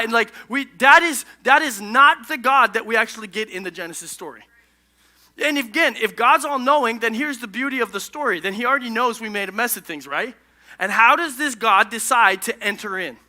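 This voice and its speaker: A male pastor giving an energetic, conversational, jokey sermon in a church. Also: very high-pitched, brisk. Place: church stage.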